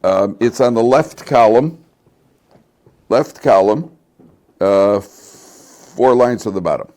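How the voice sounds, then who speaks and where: Male rabbi, low voice, lively storyteller, chuckles often, Torah class. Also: slow, pauses often. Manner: addresses the class directly and points them to the text.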